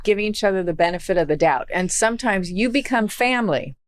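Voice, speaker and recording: An older woman on a podcast with a lively, up-and-down voice, weighing both sides fairly. She slips into quick impressions of each person as she explains them. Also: medium pitch, dry recording. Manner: mediating, even-handed, acts out both sides. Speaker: podcast guest. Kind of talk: casual podcast chat.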